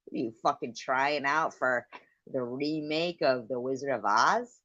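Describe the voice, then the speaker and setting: A woman's voice: extremely low pitch, measured pace, fairly bright tone, no room sound, muffled recording. Combative woman swearing in a livestream row. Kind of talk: heated online argument.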